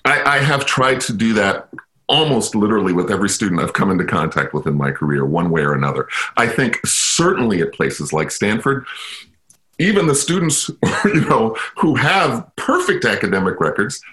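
Guy from chicago on a radio interview, lowish voice, animated storyteller poking fun at himself. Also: normal speed. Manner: reflective, self-deprecating, animated storyteller. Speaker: guest, university inclusion officer.

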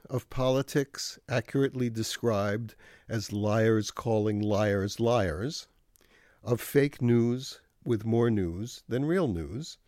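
A man delivers a scripted radio commentary at a slow, unhurried pace. His manner is dry and wry, with measured phrasing. The sound is close and dry, with no room echo. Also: medium pitch, a little mellow.

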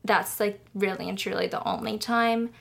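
A woman's voice: mid-range voice, steady tone, moderate pace, creaky, fairly bright tone, slightly rough. A woman in her twenties co-hosting a podcast, chatting casually and candidly, with lots of fillers and the odd swear word. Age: 20s. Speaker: podcast co-host. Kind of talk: casual chat.

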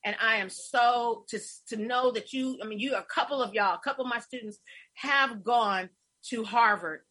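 Effusive husky-voiced woman host. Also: on the high side, normal speed, bright, forceful tone. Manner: effusive, storytelling, emotional. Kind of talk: casual interview chat.

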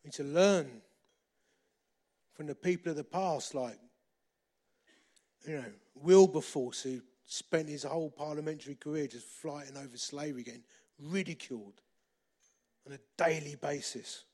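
Lively preacher telling a story. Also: male voice, on the high side, moderate pace, long pauses. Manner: lively, repeats phrases for emphasis, shifts between loud and hushed. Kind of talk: sermon with storytelling.

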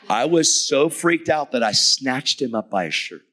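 A middle-aged man preaching a testimony sermon, animated, acting out dialogue and dropping at times to a whisper. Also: a little high. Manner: animated storytelling, acts out dialogue, drops to whispers.

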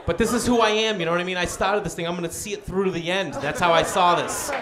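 A man's voice: high voice, fast talker, crowd noise. A man doing stand-up storytelling on a comedy club stage, acting out the voices in his story.

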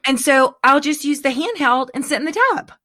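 A middle-aged woman in casual chat, animated and dramatic, laughing often. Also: sits high, a little fast, dry recording, clean studio sound.

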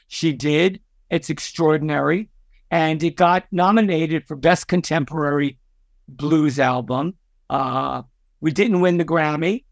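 A man's voice: fairly high pitch, vocal fry, no echo, clean studio sound. An older man telling stories as a podcast guest, chatty, with many fillers and restarts. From Brooklyn, New York. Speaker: podcast guest, record executive. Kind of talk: storytelling interview.

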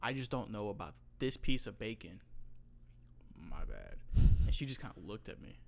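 A man's voice: on the low side, quick pace. A young man from North Carolina who works as a butcher, chatting casually and profanely, acting out his customers as he tells stories. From North Carolina, USA. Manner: profane, storytelling, acts out customers. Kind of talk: casual chat.

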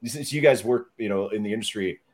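A man with a deep, radio-like voice, a French speaker, rambling through stories as a podcast guest. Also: fairly quick. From Canada. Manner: rambling, self-deprecating storyteller with many fillers. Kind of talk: casual chat.

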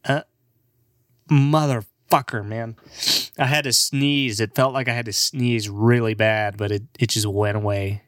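A young man in his twenties talking in an unhurried, drawn-out way, a comedian rambling in a loose, profane monologue that often breaks into laughter. His voice sits at an ordinary middle pitch and sounds close and dry, with no room around it. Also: fairly even intonation, fairly bright tone, dry recording.

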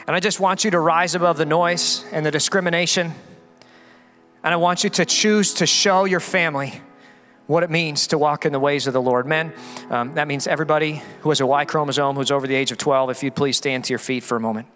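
A man, a pastor, preaching an emphatic sermon, rising for stress and dropping low for appeals. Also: steady tone, fairly quick, a bit bright, faint music behind. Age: adult father of a young son. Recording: long reverb of a church hall.

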